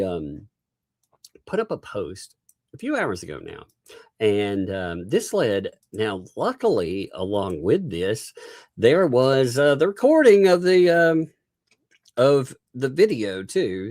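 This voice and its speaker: A man with a Southern US drawl hosts a live commentary show, amused and sarcastic, with frequent chuckles breaking into his sentences. His voice sits on the low side but swings up and down with lively, animated inflection. The sound is close and dry, with no room echo. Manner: chuckles often while talking. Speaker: livestream host.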